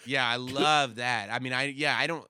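A man speaks as a guest in a casual podcast conversation, chatty and wry. His voice is bright and crisp, and it sounds close and dry on a studio microphone. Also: mid-range voice, steady tone, no echo. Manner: chatty, quick-witted and wry.

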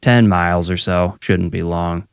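A man's voice: low voice, fairly even intonation, measured pace, vocal fry, clean tone, no echo, clean studio sound. A man playing a skinny young fake police officer, curt and officious with a menacing edge. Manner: curt, officious, hesitant when pressed.

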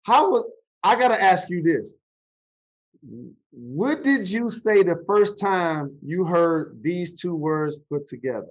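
A man's voice: sits high, lively intonation, muffled recording. A man hosting a podcast interview, asking questions and speaking earnestly about his own losses. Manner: slow, deliberate, earnest. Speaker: podcast host, former pro athlete. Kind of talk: interview questions and personal reflection.

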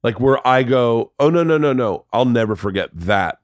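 A man's voice: mid-range voice, expressive, moderate pace, no room sound. A man hosting a podcast, telling long rambling stories in casual chat and swearing freely. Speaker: podcast host.

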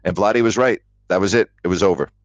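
Deep-voiced man hosting sports talk. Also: fast, no echo. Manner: storytelling, emphatic repetition. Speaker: sports radio host. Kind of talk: live call-in sports talk. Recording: dull lo-fi audio.

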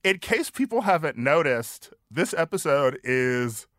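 A man's voice: on the high side, big pitch swings, measured pace, a bit bright, dry recording. A man co-hosting a podcast, calling in remotely and trading dry, teasing banter. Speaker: podcast co-host.

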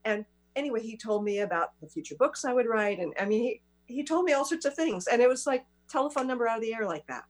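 A woman's voice: on the high side, expressive, fast talker, few pauses. A woman hosting an interview, chatting casually and affirming her guest often. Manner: warm listener, frequent affirmations. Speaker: host.

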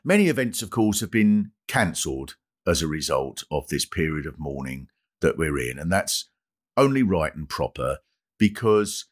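Sarcastic male comedian, lively pitch. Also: moderate pace. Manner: mock-solemn and sarcastic, building into a pompous rant. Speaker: comedian host. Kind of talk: satirical comedy monologue.

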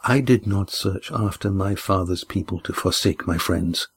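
A man's voice: deep voice, normal speed, husky, exaggerated voice. A man voicing a defiant, impatient young man in an audiobook, speaking earnestly and insistently.

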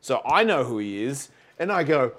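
A man's voice: mid-range voice, big pitch swings, moderate pace, fairly bright tone. 50s guy rambling thru a story, doing the voices, chatty podcast cohost. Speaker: podcast co-host. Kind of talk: casual chat.

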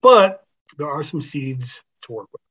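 A man on a podcast panel giving measured, opinionated sports analysis. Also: on the high side, sing-song, fairly bright tone. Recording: dull lo-fi mic.

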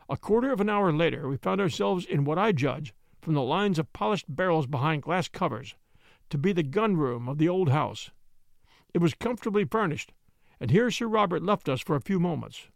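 Male audiobook narrator, measured storytelling, gravelly, dry close recording. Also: on the high side, expressive, dry recording. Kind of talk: scripted narration.

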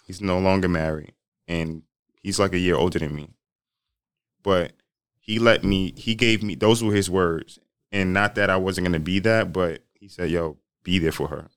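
A young man in casual conversation, talking in halting starts and laughing easily. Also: low voice, fairly even intonation, smooth, no echo, studio quality. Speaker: groom-to-be guest. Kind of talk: casual chat.

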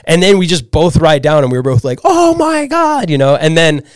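A man from Pennsylvania telling a story as a podcast guest, animated and full of "like"s and restarts. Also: on the high side, quick pace, clean tone, no echo. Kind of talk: casual storytelling chat.

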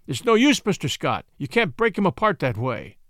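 A man's voice: on the high side, big pitch swings, normal speed, fairly bright tone, dry recording, studio quality. Man doing a plainspoken old-west dog musher. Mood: urgent. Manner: plain folksy speech. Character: man, practical dog musher, steady helper.

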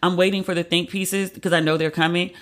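A woman's voice: fairly low pitch, flat delivery, fast, a bit bright. A woman hosting a podcast in a casual, wry, chatty way, often breaking into laughter. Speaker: podcast host. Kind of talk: casual pop-culture commentary.

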